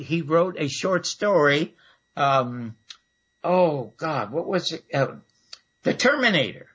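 A man's voice: fairly high pitch, fairly bright tone, slightly rough, lo-fi sound. A man telling a rambling anecdote as a radio guest, full of fillers and asides. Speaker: guest storyteller. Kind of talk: casual anecdotal storytelling.

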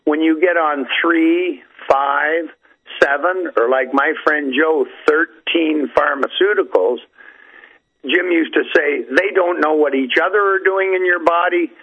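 A man's voice: on the high side, a little slow, husky. An older man telling folksy, rambling stories as an interview guest, heard over a phone line. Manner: folksy, rambling, with frequent fillers and restarts. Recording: tinny phone-line audio.

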